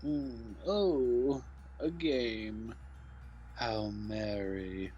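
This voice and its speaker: A man's voice: mid-range voice, extremely slow, warm tone, highs cut off, faint music behind. A man voicing a snooty, haughty female cat who talks in a languid, condescending drawl.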